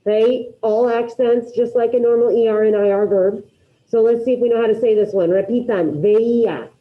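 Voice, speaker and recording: A woman's voice: a little high, steady tone, moderate pace. Upbeat woman teaching a class, lo-fi. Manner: upbeat, drills repetition, asks students questions. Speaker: Spanish teacher. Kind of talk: classroom grammar lesson.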